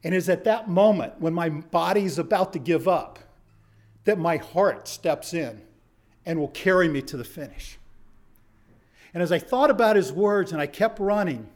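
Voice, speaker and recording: High-voiced man telling a dramatic story. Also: expressive, moderate pace. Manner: dramatic storyteller, swings from hushed to shouting. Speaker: motivational speaker. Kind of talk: storytelling speech to a live audience.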